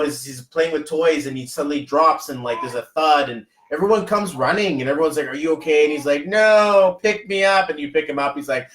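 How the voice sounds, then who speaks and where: A man hosting a podcast, chatting casually and motivationally, telling rambling, animated stories full of fillers. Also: on the high side, reverberant, a little hiss or hum, low-quality recording. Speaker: podcast host.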